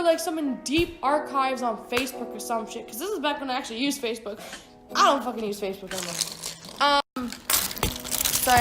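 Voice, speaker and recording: High-voiced young woman telling stories. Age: about 20. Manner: chatty, swears often, rambling asides. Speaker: vlogger. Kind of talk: casual storytime over a speedpaint. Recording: echoey room with background music.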